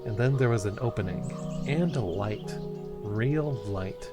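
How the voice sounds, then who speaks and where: A man's voice: on the low side, animated, a little slow, over loud music. A man streaming a narrative game, reading the story text aloud expressively, with stumbles and asides.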